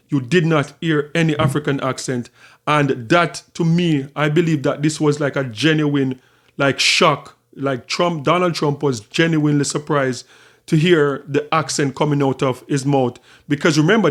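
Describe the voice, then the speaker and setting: Higher-voiced man musing to camera. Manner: talkative, repeats and restarts phrases. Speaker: channel host. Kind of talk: casual commentary to camera.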